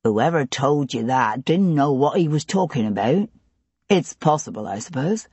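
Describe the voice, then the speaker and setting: A woman puts on a gruff male tavern keeper in a storybook reading, a scarred ex-soldier with a West Country burr. He talks surly and clipped, taunting, with a low, husky voice. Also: expressive, normal speed, a little mellow, dry recording.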